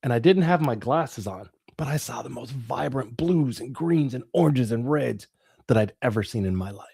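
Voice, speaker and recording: A man's voice: medium pitch, animated, normal speed, creaky, a little mellow, breathy edge, no echo, clean studio sound. A middle-aged man, an interview guest, telling a dramatic personal story with the odd laugh.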